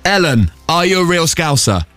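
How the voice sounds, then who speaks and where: Lively, exasperated male radio host. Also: on the high side, moderate pace, no room sound, faint music behind. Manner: animated, exasperated and self-mocking. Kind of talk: casual radio banter.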